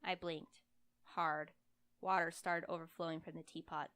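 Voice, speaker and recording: A woman reads a first-person story aloud, her narration wry and lively. Her voice sits on the low side, smooth and clear. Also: a little slow, no echo. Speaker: audiobook reader. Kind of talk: first-person fiction reading.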